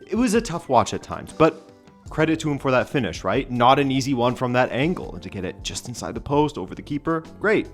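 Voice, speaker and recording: A man's voice: mid-range voice, very animated, brisk, faint music behind. A man hosting a casual football vlog, talking in a rambling, stream-of-consciousness way with wry, opinionated asides. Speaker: football channel host.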